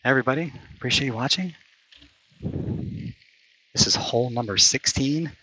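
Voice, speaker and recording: A man's voice: mid-range voice, moderate pace, pushed and bright, husky, poor audio. A man playing a round of mini golf outdoors, commentating it live and getting frustrated and competitive over bad shots. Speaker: player commentating his own round. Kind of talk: casual play-by-play while playing.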